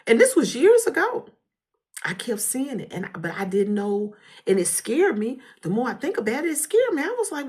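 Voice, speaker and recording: A woman giving an emotional spoken testimony in a fervent, preacher-like way, often dropping to a hushed whisper while holding back tears. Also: medium pitch, very animated, normal speed. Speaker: vlogger sharing a testimony.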